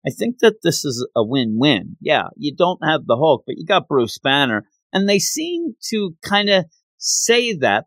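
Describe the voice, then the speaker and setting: Animated man retelling a comic. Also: on the high side, no room sound. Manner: animated, acts out characters, quick asides. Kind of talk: casual comic book retelling.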